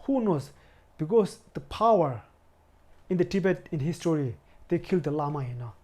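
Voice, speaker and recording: A man in his forties from India, a Buddhist lama, telling his life story in a halting way, searching for words and often saying "you know". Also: a little high, lively intonation, mellow. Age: 40s. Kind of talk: personal storytelling interview.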